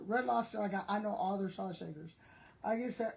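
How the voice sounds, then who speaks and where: Speaking fairly quickly in a mid-range voice that's a little mellow and husky, an older online seller shares stories with her audience. She addresses viewers directly in a chatty, laughing way, though the recording is low quality.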